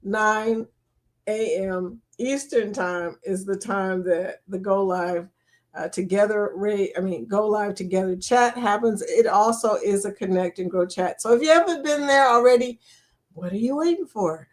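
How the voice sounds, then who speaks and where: A woman's voice: mid-range voice, measured pace. An older woman hosting a live chat stream, reading out viewer comments in a chatty, teasing way and laughing often.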